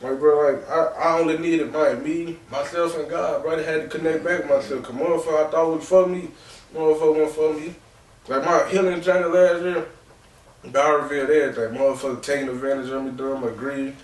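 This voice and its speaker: A man's voice: a little high, fairly even intonation, brisk. A man in his twenties, a podcast host, telling a raw, rambling and emotional personal story with lots of "real talk" and "bro". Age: 20s. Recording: echoey room, distant mic.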